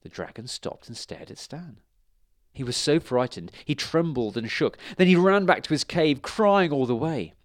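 Expressive male storyteller, lively voice. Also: a little high, no room sound, clean studio sound. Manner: expressive, dramatic pauses. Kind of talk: storybook reading aloud.

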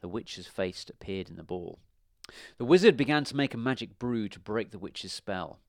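Man, storybook read-aloud, very lively pitch, dry close sound. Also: moderate pace, no room sound. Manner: expressive, animated reading.

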